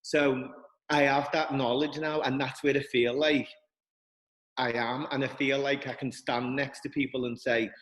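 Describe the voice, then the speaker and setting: A man speaking earnestly and haltingly as a guest, often restarting his sentences. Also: medium pitch, little pitch movement, a bit bright, big-room sound, low-quality recording. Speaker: guest, dance school director. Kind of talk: reflective interview talk.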